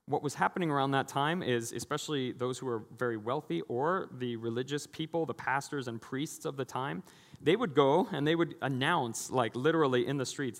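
Animated preacher in a reverberant hall. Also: male voice, medium pitch, brisk. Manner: animated, acting out quoted voices. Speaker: pastor. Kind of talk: sermon.

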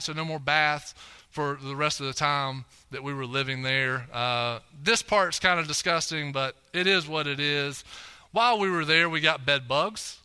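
Young male preacher, casual storyteller, tags lines with "right?", piercingly bright tone. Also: a little high, moderate pace, clean tone. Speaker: preacher at a church. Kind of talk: sermon with a personal story. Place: church auditorium stage.

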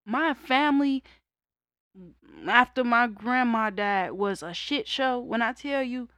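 A young woman with a fairly high voice talks straight to the camera in a candid personal monologue. Her delivery is raw and conversational, with loud laughs cutting through. The sound is close and dry. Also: no echo. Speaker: vlogger.

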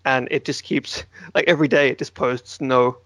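A man's voice: medium pitch, fairly even intonation, a little fast, pushed and bright, dry recording. A man co-hosting a gaming podcast in casual chat, playful and giggly, often stumbling over his words. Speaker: podcast co-host.

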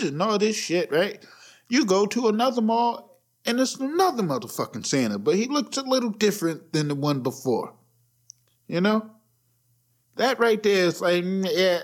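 A man's voice: fairly high pitch, big pitch swings, measured pace. Profane, rambling man in his thirties. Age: 30s. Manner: blunt, profane, laughs at his own jokes. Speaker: podcast host. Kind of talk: casual solo rant.

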